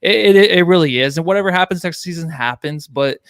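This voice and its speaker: A man's voice: a little high, fairly quick, a bit bright, clear, resonant tone, no room sound, studio quality. A man co-hosting a casual sports podcast, talking earnestly and effusively, correcting himself as he goes. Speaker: podcast co-host and writer.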